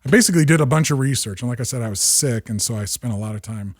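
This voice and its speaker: Man, 50s, podcast guest. Husky, dry-recorded, animated raconteur. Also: mid-range voice, no echo. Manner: lively anecdotes with acted quotes and quick restarts. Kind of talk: storytelling in conversation.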